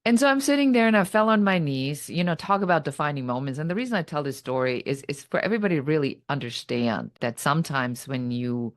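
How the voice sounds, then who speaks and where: A woman's voice: deep voice, lively intonation, fast, few pauses, no room sound, studio quality. A middle-aged woman, a podcast guest who tells her story dramatically and acts out her own past thoughts. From Germany. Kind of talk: personal story told in conversation.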